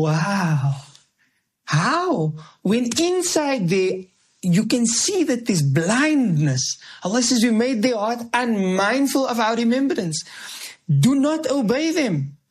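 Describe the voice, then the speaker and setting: Man, high voice, Quran commentary lesson, recites Arabic verses, explains word by word, rhetorical questions. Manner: engaging, uses rhetorical questions and everyday examples. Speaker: Islamic teacher.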